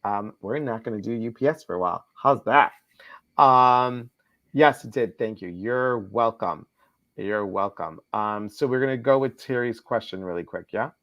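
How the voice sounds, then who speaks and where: A man's voice: fairly low pitch, moderate pace, fairly bright tone. Chatty man hosting a live stream. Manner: chatty, reads viewer comments aloud. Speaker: host. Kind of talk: casual live-stream chat. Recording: slightly dull lo-fi stream audio.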